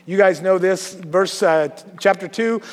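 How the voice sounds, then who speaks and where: High-voiced pastor in a reverberant hall. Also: male voice, measured pace. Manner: conversational, joking with the congregation, many fillers. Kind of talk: sermon. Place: church sanctuary.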